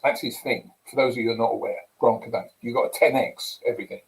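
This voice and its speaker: A middle-aged English man giving an energetic sales pitch for a property program, telling lively stories with punchy asides. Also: fast, few pauses, poor audio. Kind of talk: live sales presentation.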